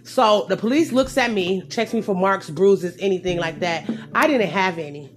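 Young woman vlogger, casual storytelling, animated, jumps from loud bursts to hushed asides, faint music behind. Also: normal speed. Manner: animated, swings from loud outbursts to low asides.

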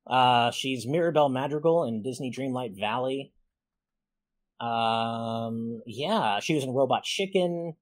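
A man's voice: medium pitch, unhurried, no echo. A man hosting a casual gaming podcast, upbeat and thankful as he reads out supporter messages and names. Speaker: podcast host reading super chats.

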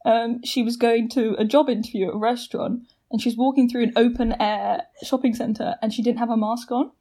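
Young female guest, hesitant and self-conscious, slightly high voice. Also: steady tone, fairly quick, warm tone. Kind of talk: casual chat.

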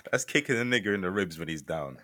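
A young man on a podcast with a lowish voice that moves a lot in pitch. He teases his co-host with slang and laughs easily. The mic is close and dry. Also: expressive, quick pace, sharp tone, no room sound. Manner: teasing, laughs often, slangy. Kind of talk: casual banter.

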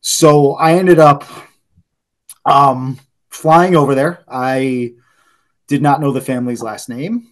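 A man telling loose, animated stories in casual podcast chat, swearing freely and saying "like" a lot. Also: mid-range voice, slow pace, pauses often. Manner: loose, profane, heavy use of "like"; animated anecdote teller. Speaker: podcast guest.

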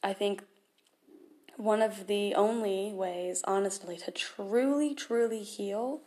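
A young woman hosting her own podcast, her voice at an ordinary middle pitch. She reads verses aloud and then talks them through earnestly and casually, with fillers and small laughs along the way. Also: slow pace, dark tone. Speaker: podcast host. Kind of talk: casual devotional talk with scripture reading.

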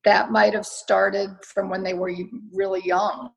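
A woman's voice: mid-range voice, a little slow, creaky, rough recording. A woman who runs her own training studio, answering interview questions in an earnest, encouraging way with frequent fillers. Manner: earnest, encouraging, talks through ideas with many fillers.

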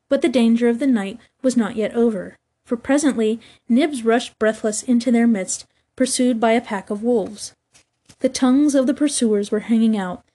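A woman reading a classic children's story aloud as storybook narration, measured and even. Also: on the high side. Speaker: audiobook reader.

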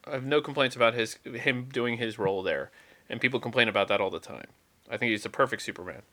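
A man in a relaxed, unscripted chat who pushes back hard in mock indignation. He speaks emphatically. His pitch stays in the middle range. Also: fast talker. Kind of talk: casual chat.

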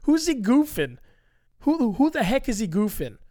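A young American man hosting a casual podcast, ranting in animated mock outrage. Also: very high-pitched, moderate pace, dry recording, clean studio sound. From United States. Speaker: podcast host.

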